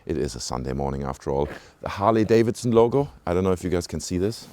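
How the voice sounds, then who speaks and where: This British-sounding man talks fast in a low, warm voice while vlogging his walk around a small country village. His commentary is casual and rambling, full of fillers and side remarks. The handheld camera recording sounds dry.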